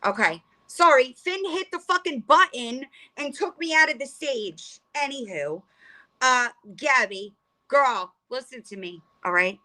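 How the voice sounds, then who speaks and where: A woman's voice: sits high, animated, measured pace, sharp tone. A middle-aged woman hosting a livestream, ranting bluntly and profanely and rambling with frequent restarts. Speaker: livestream host. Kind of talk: casual livestream rant.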